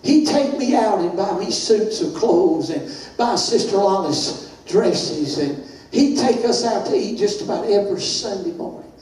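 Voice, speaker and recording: An older man, a pastor preaching a sermon with impassioned, sing-song delivery that rises into shouts. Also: high voice, animated, a little slow, few pauses. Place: church sanctuary. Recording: very echoey church, far from mic, faint hiss.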